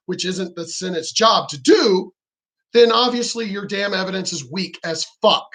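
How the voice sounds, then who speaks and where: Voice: mid-range voice, expressive, a little slow, fairly bright tone. Profane, heated political ranter. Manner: profane, heated, sarcastic, mocks opponents in quoted voices. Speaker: political vlogger. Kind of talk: angry ranting commentary.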